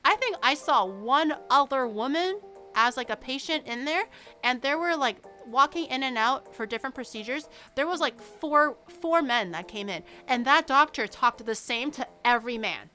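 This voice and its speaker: A woman streamer chatting casually and telling stories in an animated way, laughing often. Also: high voice, moderate pace, soft background music. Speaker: VTuber streamer.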